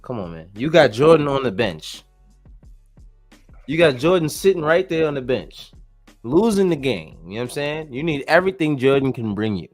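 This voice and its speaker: Animated joking man in sports chat. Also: mid-range voice, normal speed, soft background music. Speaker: podcast host.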